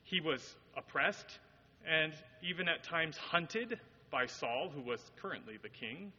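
Earnest male preacher with a bright, expressive voice, a little husky, recorded dully in an echoing church. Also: a little high, slow pace. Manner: earnest, explanatory, quotes scripture with rising emphasis. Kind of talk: sermon. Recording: dull audio with long hall reverb.

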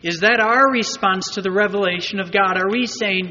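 In a muffled recording with long sanctuary reverb, a male pastor preaches at a moderate pace with hardly any pauses. His voice is high and sharp, and his conversational sermon is peppered with rhetorical questions to the room.

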